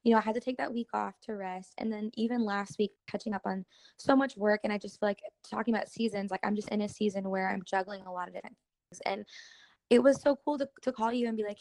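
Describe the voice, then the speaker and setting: A young woman chatting on her podcast, earnest and quick to fill pauses with "like". Her voice has a slight gravelly fry. The sound is dry and close, with no room around it. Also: mid-range voice, fairly even intonation, a little mellow, no echo. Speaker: podcast co-host. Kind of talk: casual faith podcast chat.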